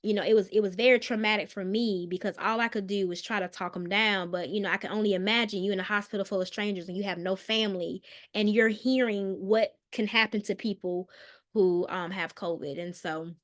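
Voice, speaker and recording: A woman, a mental health counselor, recounting a painful personal story as a podcast guest, earnest and hesitant with many pauses and restarts, dropping softer on the hardest details. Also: medium pitch, fairly even intonation. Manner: soft and subdued on painful details.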